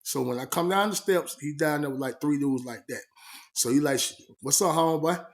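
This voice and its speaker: A man with a drawl talks through a personal story in loose, everyday slang. His voice sits at an ordinary middle pitch. He keeps it conversational and acts out both sides of old conversations as he goes. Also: fairly quick. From Georgia, USA. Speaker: storyteller recounting prison life. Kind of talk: casual spoken storytelling.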